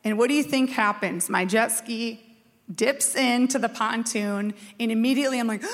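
A woman in her forties from Minnesota, a pastor telling a personal story in a lively, chatty, self-mocking sermon. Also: a little high, normal speed. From Minnesota, USA. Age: 40s. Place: church sanctuary. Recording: long reverb of a church hall.

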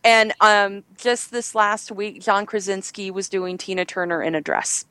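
A woman's voice: medium pitch, a little slow, bright, forceful tone, clear, resonant tone, dry recording. A woman hosting a casual entertainment news chat, enthusiastic and rambling, with frequent fillers. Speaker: host.

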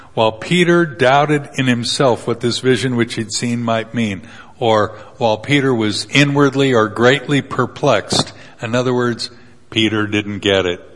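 A man's voice: on the low side, a bit bright. A man preaching a sermon in a casual, joking way, retelling Bible passages with little acted quotes. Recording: long hall reverb.

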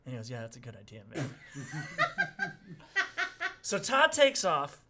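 A middle-aged man casually telling a story on a podcast, acting out the people he quotes with sudden loud outbursts. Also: on the high side, wildly swooping pitch, takes it slowly. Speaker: podcast guest.

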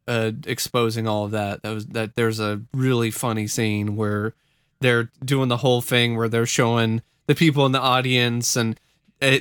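A man's voice: mid-range voice, a bit bright, smooth, dry recording, clean studio sound. A man talking in a casual chat, rambling with restarts. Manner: rambling, many fillers and restarts.

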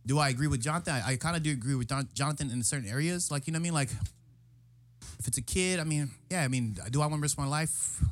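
A man's voice: a little high, quick pace. A man in casual chat, telling a story with lots of swearing and acting out the quoted lines. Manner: profane storytelling, acts out quotes loudly.

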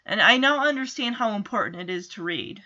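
A woman casually recapping a TV episode, chatty and animated, acting out bits of dialogue as she retells it. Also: mid-range voice, a little fast, dull audio, slight background noise. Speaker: show recapper.

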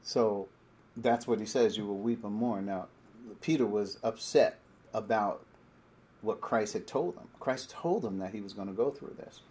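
A middle-aged man delivers a sermon in a relaxed, conversational manner. His voice sits fairly low. He reads scripture passages aloud and stops often to explain them in his own words. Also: a little slow. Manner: conversational preaching, reading scripture aloud with asides. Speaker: pastor.

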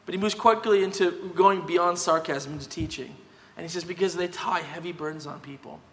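A man's voice: fairly high pitch, brisk, a bit bright. Emphatic male preacher in a reverberant hall. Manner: conversational, emphatic, tag questions. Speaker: pastor. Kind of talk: sermon.

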